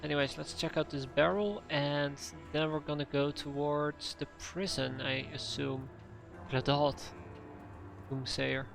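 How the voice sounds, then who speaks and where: Wry male game streamer reading text aloud, slightly higher pitch, soft music under. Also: little pitch movement, unhurried, gravelly. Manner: wry, sighing, reads narration aloud.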